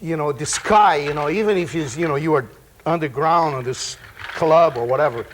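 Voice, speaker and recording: A man with a Brazilian Portuguese accent, a native Portuguese speaker, gives a relaxed percussion class, rambling loosely and dropping in vocal sound effects. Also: on the high side, normal speed. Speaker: percussion teacher. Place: room with percussion table. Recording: loud percussion noise and clicks.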